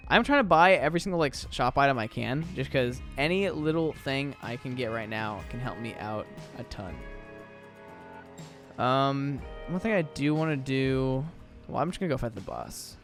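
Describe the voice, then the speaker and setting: A man's voice: mid-range voice, animated, moderate pace, faint music behind. A young American man chatting casually through a let's-play, rambling with lots of "like" and "um". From southern United States. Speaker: gaming YouTuber.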